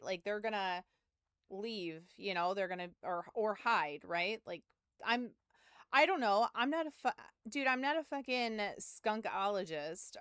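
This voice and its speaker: A woman in her thirties tells a long, rambling story to her stream chat, with a filler word every few words and the odd curse. Her voice is smooth and clear. The sound is dry, close to the mic, with no room in it. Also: medium pitch, fairly bright tone, no echo. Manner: rambling, full of "like", swearing, self-mocking.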